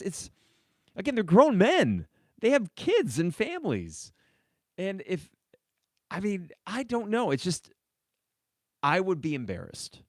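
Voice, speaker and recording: A man's voice: mid-range voice, no room sound, studio quality. A man hosting a sports podcast alone, talking casually in a rambling, opinionated way and answering viewer comments. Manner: rambling, opinionated, reads live chat comments. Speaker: podcast host.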